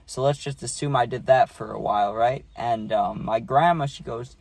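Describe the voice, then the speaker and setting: A man's voice: mid-range voice, moderate pace, vocal fry, darkish tone, dry recording. Casual, swearing storyteller guy. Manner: loose and profane, many fillers and tag questions. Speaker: vlogger.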